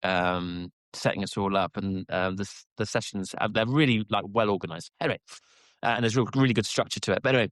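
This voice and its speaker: A man's voice: on the low side, fairly even intonation, fast, dry recording. A man co-hosting a podcast, telling rambling casual stories full of fillers and restarts. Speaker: podcast co-host. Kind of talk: casual chat.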